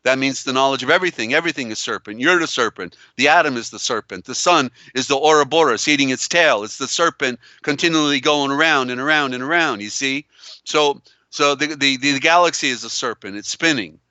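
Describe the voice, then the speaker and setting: A man's voice: mid-range voice, brisk, sharp tone, no echo. Emphatic man hosting a live show. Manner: emphatic, repetitive, with many fillers and restarts. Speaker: host. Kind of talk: live call-in show, reading viewer comments.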